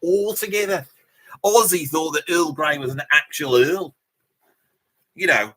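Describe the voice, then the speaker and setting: A boastful Brummie bloke who rambles through name-dropping asides, his voice husky yet bright and slightly high, as a man puts him on. He chats loosely with his viewers in a thick Birmingham accent. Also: expressive, a little slow, full character voice. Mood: rambling chat. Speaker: live stream host in character. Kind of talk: in-character live reaction chat.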